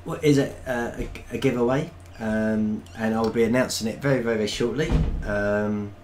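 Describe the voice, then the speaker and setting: A man's voice: fairly low pitch, steady tone, moderate pace, background noise. A man co-hosting a live stream, reading out viewer comments in a casual, hesitant way with many ums. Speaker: co-host reading chat.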